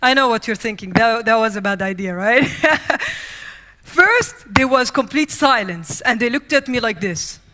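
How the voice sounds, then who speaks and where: A woman's voice: a little high, moderate pace, few pauses. A young woman from the Middle East giving a humorous storytelling keynote speech, acting out scenes as she goes. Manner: lively, acts out scenes and quotes. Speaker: keynote speaker. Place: conference stage.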